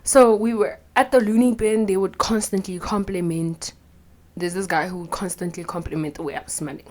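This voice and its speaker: A young woman, telling a candid personal story with plenty of swearing and quiet whispered asides. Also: on the low side, fairly even intonation, normal speed. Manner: blunt and profane, drops into whispered asides. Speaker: vlogger.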